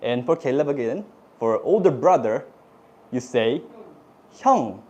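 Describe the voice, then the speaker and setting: A middle-aged man with a Korean accent, whose first language is Korean, teaching Korean words to a class in a lively way. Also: medium pitch, moderate pace, muffled recording. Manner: animated, switches into cute playful put-on voices for examples.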